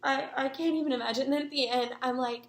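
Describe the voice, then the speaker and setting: A young woman vlogger telling a story to the camera in a rambling, excitable way, with many fillers and asides to her viewers. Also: high voice, fast talker. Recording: echoey room.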